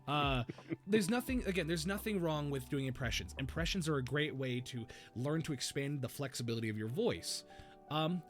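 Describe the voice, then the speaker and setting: A man hosting a casual chat about voice acting, animated, dropping into character voices and laughing often. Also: on the high side, normal speed, soft background music. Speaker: podcast host.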